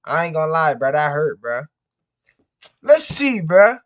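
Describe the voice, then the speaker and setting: A man vlogging about his real estate deals, speaking slowly and unhurriedly. He talks in loose, profane slang, circling back over the same complaints and tagging "bro" onto each line. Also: fairly high pitch, big pitch swings, fairly bright tone. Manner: frustrated, repetitive, peppers every phrase with "bro". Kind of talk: casual profane venting to camera.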